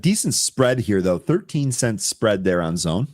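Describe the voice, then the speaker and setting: A man co-hosting a live market show, calling out tickers and price moves in quick running chatter. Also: fairly low pitch, big pitch swings, a little mellow. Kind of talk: live trading commentary.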